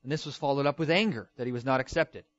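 A man's voice: medium pitch, fast talker, no room sound, lo-fi sound. A man preaching a sermon with emphatic delivery, often acting out the lines he quotes. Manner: emphatic, dramatic with acted-out quotes. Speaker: pastor.

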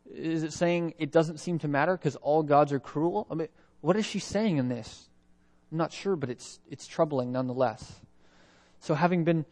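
A man's voice: a little high, a little mellow. A man preaching a sermon from Canada, reading scripture aloud and asking reflective rhetorical questions. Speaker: pastor.

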